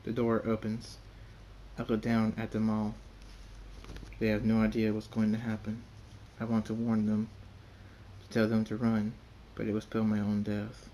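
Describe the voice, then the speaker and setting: A man reading his own fan fiction story aloud in the first person, halting and repeating words. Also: on the low side, monotone, dark tone, a little hiss or hum.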